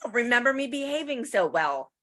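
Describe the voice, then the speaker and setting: A middle-aged woman co-hosting a podcast in casual chat, with wry, joking remarks and quick interjections. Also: fairly high pitch, big pitch swings, a bit bright. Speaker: podcast co-host.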